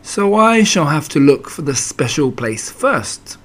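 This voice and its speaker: A kindly, simple-minded storybook bear who wonders aloud in a gentle, musing voice that rises and falls a great deal, as a man puts him on. He speaks slowly and thinks things through as he talks. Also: on the high side, sing-song, full character voice.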